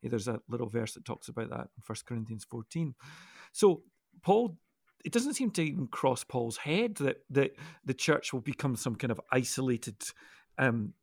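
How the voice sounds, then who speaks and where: Gravelly man explaining. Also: mid-range voice, expressive, moderate pace, no echo, clean studio sound. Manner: thoughtful, explanatory, with frequent restarts. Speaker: co-host of a Bible discussion podcast. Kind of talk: casual discussion.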